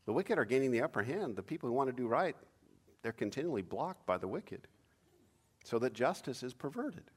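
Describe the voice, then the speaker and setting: A man preaching a sermon in an animated way, acting out cries with sudden loud, high bursts. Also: fairly quick, husky. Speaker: pastor.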